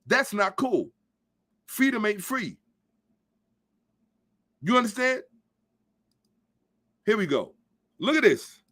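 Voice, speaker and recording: A man's voice: sits high, very animated, takes it slowly, long pauses, bright, forceful tone. A man hosting a podcast, giving a blunt, profane, emphatic commentary monologue and lecturing his listeners. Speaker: podcast host. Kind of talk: ranting social commentary monologue.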